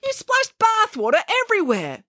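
A woman's voice: on the high side, very animated, brisk, a bit bright, no room sound, voice pushed up. A blunt, grumbling housekeeper, put on by a woman reading a storybook, who scolds in a tart, raised voice. Her tone bounces around a lot. The sound is close and dry.

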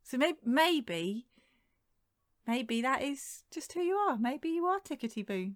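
A woman's voice: high voice, big pitch swings, unhurried, no echo, studio quality. A woman co-hosting a podcast in casual chat, cheerful and teasing. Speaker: podcast co-host.

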